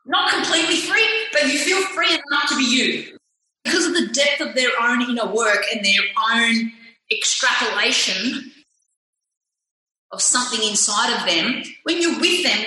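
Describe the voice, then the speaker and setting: A woman reflects candidly as an interview guest, animated, swearing freely and questioning herself. Her voice sits a bit high and rings bright. The very echoey room makes it boom. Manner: animated, profane, self-questioning.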